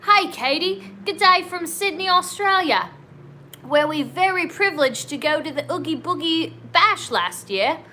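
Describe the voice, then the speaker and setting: A woman's voice: extremely high pitch, lively intonation, measured pace, sharp tone, a little hiss or hum, voice pushed up, heavily acted. A woman reading a message aloud in a put-on, playful, sing-song Australian accent.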